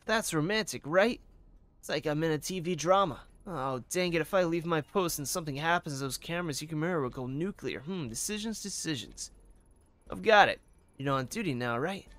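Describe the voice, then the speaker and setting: A man voicing an excitable young woman working a police front desk, gushing and pleading in a raised voice, recorded dry. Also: on the high side, moderate pace, dry recording, voice pushed up. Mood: giddy.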